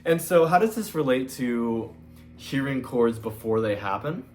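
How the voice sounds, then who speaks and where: A man's voice: mid-range voice, animated, a little slow. A man giving a casual guitar lesson in a loose, chatty way, sometimes singing the chord numbers. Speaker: music teacher. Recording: loud guitar playing behind the voice.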